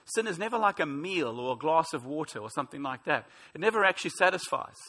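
Man in his 40s, pastor, sermon, bright voice, a touch high, emphatic. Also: expressive, fast. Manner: earnest, emphatic preaching with rhetorical questions.

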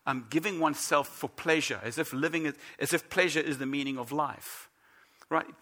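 A man delivers a sermon with a bright, forceful voice pitched a little high. He speaks earnestly and with emphasis, slowing down to stress the scripture he quotes, like a pastor addressing his congregation.

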